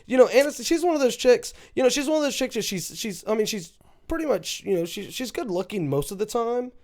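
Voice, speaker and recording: A man's voice: very high-pitched, expressive, fast talker, darkish tone. A man co-hosting a casual podcast, crude and sarcastic, rambling through his stories with plenty of swearing. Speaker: podcast co-host. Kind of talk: casual comedic podcast chat.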